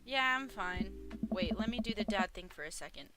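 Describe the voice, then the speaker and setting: A woman plays through a story game and reads every line of dialogue and narration aloud in her own voice. Her delivery is playful and jokey, with frequent laughter. Clear game music plays underneath throughout. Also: medium pitch, lively intonation, moderate pace. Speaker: let's play host.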